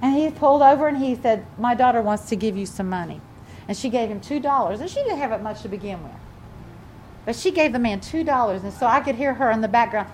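A woman's voice: a little high, fast, darkish tone, a little hiss or hum. Fervent older woman preaching a sermon. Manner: fervent, preaching with rising emphasis. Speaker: pastor.

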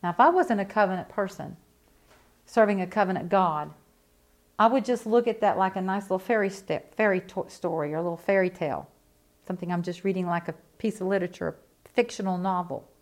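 A middle-aged woman delivers a sermon with fervent conviction, moving from quiet reflection to loud, emphatic bursts. Her voice is medium in pitch and her pace brisk.

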